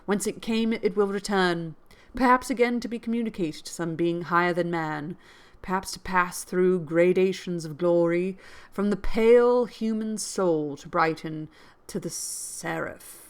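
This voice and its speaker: A woman voicing a gentle, pious orphan schoolgirl in a storybook reading, soft and earnest, a little low-pitched. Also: unhurried, clear, resonant tone. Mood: serene.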